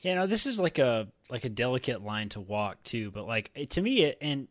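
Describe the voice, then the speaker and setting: A man's voice: medium pitch, sing-song, a little fast, dry recording. A man co-hosting a podcast, chatting casually with lots of fillers and restarts. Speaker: podcast co-host. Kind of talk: casual chat.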